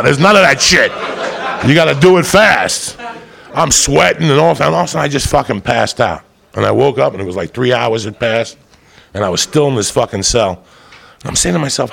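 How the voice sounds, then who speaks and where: A man doing profane stand-up storytelling on a club stage, loud and shouting his punchlines. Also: medium pitch, gravelly. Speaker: stand-up comedian.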